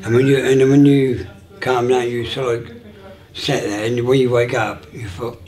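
Halting older man recounting his life. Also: medium pitch, level tone, darkish tone. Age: 60s. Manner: halting, with many restarts and fillers, acting out remembered dialogue. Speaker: interviewee telling his life story. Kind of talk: casual personal storytelling.

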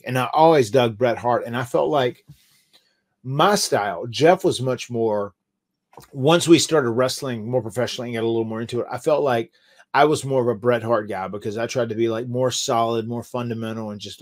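A man with a Southern US accent, hosting a podcast, chatting casually and often restarting his words with little stammers. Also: medium pitch. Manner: stammers on restarts, laughs easily. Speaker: podcast host, former wrestler. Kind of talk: casual chat.

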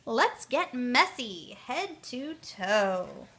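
Woman, storyteller, rhyming picture book read-aloud, lively, bright tone. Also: a little high, extremely slow. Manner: lively, voices the characters.

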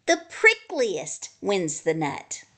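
A woman's voice: mid-range voice, huge pitch swings, slow pace, a bit bright, heavily acted. A woman voicing a boastful, cheerful male hedgehog in a storybook read-aloud, sounding pleased with himself. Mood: smug.

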